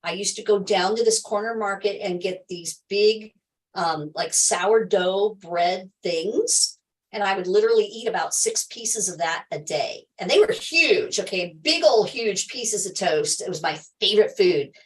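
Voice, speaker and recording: A woman's voice: medium pitch, expressive, unhurried, recorded from a distance, poor audio. A middle-aged woman hosting a health livestream, telling a personal story to viewers in an emphatic way, repeating key phrases and laughing often.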